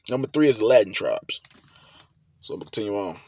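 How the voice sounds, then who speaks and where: A man reading scripture aloud with sermon commentary, forceful and profane, rising to loud emphatic reading. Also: lowish voice, expressive, fast talker. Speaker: preacher.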